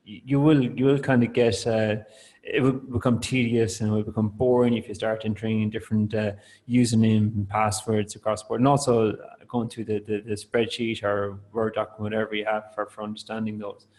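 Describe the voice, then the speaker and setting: A man walks listeners through a software product in a webinar. His voice sits low and keeps a flat, even contour. He talks loosely, circling back with fillers and restarts. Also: brisk, rough recording. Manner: loose, rambling delivery with many fillers and restarts. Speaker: product presenter. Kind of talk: webinar talk.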